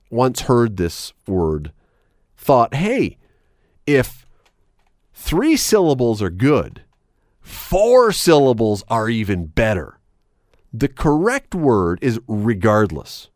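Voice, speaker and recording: Male radio host, opinionated and sarcastic, animated delivery, dry close studio sound. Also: slow, long pauses, no room sound. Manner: emphatic, sarcastic, wide swings in pitch. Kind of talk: opinionated talk radio rant.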